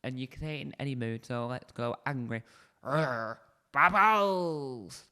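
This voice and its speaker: A man's voice: mid-range voice, fairly even intonation, fast talker, smooth. A man hosting a casual solo review, rambling and correcting himself often, seated at a desk mic. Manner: rambling, self-correcting, chatty. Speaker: show reviewer, video host. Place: indoors, seated on a squeaky spinny chair. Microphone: desk mic close to the face.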